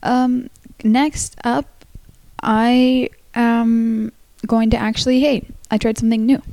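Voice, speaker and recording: A woman's voice: a little high, flat delivery, dark tone. A young woman reads an old folktale aloud in a loose, amateur way. She trips over words often, restarts, and stops to apologize before carrying on. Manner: halting, stumbles and apologizes. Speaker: amateur story reader. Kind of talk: casual read-aloud of a folktale.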